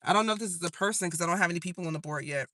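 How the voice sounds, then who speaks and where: High, bright-voiced man reading tarot live. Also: rapid-fire, no room sound. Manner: loose and profane, laughs at own jokes; breaks into singing old songs. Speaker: tarot reader.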